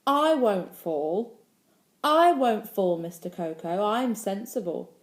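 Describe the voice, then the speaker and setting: A woman reading a storybook aloud and voicing a naughty little girl who shouts loudly to show off. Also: low-pitched, measured pace. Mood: insistent. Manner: loud squealing shouts.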